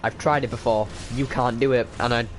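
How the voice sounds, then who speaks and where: A man's voice: medium pitch, gravelly. A man casually commenting while he plays a game, joking at his own expense and chatting with viewers by name. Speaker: streamer. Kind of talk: casual live-stream commentary while gaming.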